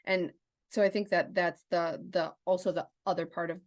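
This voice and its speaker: A young adult woman co-hosting a podcast, telling stories in a candid, animated way with lots of restarts. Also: on the low side, moderate pace, no echo, clean studio sound. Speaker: podcast co-host. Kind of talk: casual chat.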